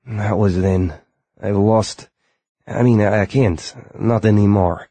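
A man's voice: fairly low pitch, steady tone, takes it slowly, mellow, breathy edge, dry recording, heavily acted. A man doing a weary, drunken doctor. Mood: hesitant. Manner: hesitant, defensive. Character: weary drunken male alien doctor, self-pitying.

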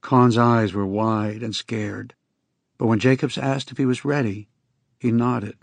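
A man reading scripted first-person narration in an even, unhurried storytelling manner. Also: medium pitch, creaky, no echo. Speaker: audiobook narrator.

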